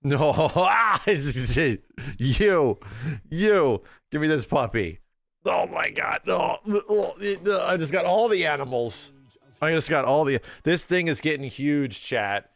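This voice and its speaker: A man chatting casually to his live-stream audience, excitable and quick to laugh. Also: on the high side, vocal fry, dry recording. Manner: excitable, talks to his chat, laughs easily.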